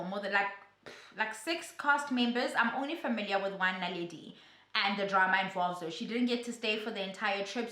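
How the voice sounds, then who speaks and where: Sassy, bright-voiced woman vlogger. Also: medium pitch, reverberant. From South Africa. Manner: chatty, animated and sassy storytelling. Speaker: YouTuber. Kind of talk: casual gossip vlog commentary.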